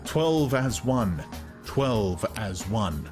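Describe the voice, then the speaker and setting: Male audiobook narrator, slow and measured, mid-range voice, faint music bed. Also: mid-range voice. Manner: measured, expressive reading. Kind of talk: scripted narration.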